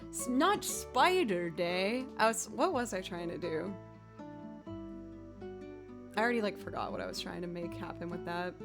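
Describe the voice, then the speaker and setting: A woman's voice: lowish voice, animated, moderate pace, long pauses, music in the background. Chatty woman streamer, slightly scratchy voice. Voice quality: a little scratchy. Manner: chatty, upbeat, laughs often, thanks viewers by name. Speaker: livestream musician. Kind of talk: casual livestream chat with viewers.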